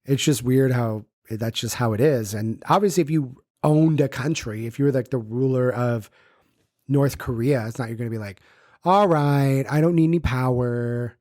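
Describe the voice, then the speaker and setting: A man's voice: mid-range voice, moderate pace, darkish tone, dry recording, studio quality. A man from the United States co-hosting a podcast in casual chat, rambling, swearing freely and acting out quoted voices. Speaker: podcast co-host.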